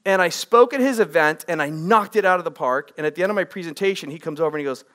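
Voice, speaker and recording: Man, speaking coach, high voice, lively, quizzes the audience. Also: quick pace. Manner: energetic, asks the audience questions. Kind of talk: live workshop presentation. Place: room with a live audience.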